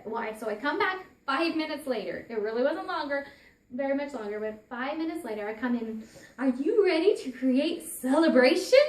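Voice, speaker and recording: A woman's voice: fairly high pitch, reverberant. A woman giving a personal storytelling talk as a parent, earnest, often restarting and repeating her phrases.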